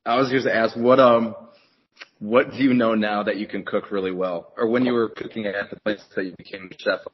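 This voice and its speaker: A man's voice: lowish voice, steady tone, a little fast, dull audio, a little hiss or hum. A man co-hosting an interview, asking questions hesitantly with many ums. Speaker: co-host.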